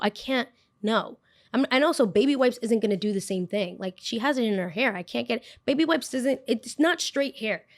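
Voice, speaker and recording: A young woman hosting a podcast tells a story in a relaxed, conversational way. She is animated and repeats phrases for emphasis, in a voice of middling pitch. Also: dry recording, clean studio sound. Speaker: podcast host. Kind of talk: casual storytelling.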